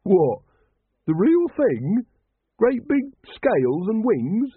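A dour, grumbling working-class cult member, voiced by a man, blunt and gruff in a raised pitch. The voice swings widely and comes through a thin, phone-like band. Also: sing-song, slow, dry recording, heavily acted. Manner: gruff, blunt, higher than the reader's own voice. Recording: dry, tinny, phone-like sound.

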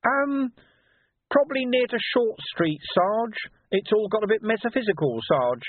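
A man's voice: high-pitched, expressive, a little slow, dry recording, voice pushed up. A man voicing a scruffy, eager little male watchman with a glutinous voice who rambles and fumbles for words. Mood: eager, chatty. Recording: narrow phone-like sound.

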